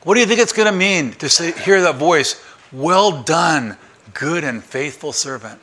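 A man preaching a sermon in church, folksy and animated, sometimes shouting with excitement. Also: a little high, a little slow. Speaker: pastor.

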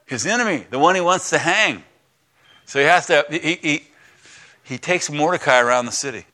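A male pastor preaching a sermon, retelling a story in lively plain words, swinging from loud exclamations to hushed emphasis. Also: on the high side, normal speed.

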